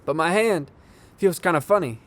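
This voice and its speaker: A man with a fairly high, expressive, natural voice performs a theatrical monologue at a moderate pace. He plays a bartender telling a wry, reflective story about a fistfight from his childhood.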